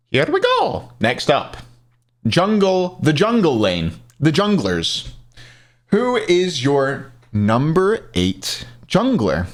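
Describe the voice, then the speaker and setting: A man's voice: a little high, wildly swooping pitch, extremely slow. A young man with a light Scottish accent, streaming and giving casual, opinionated rankings while chatting with his viewers. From Scotland. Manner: opinionated, chatty, reads and answers chat. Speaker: streamer ranking esports players. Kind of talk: casual live-stream commentary.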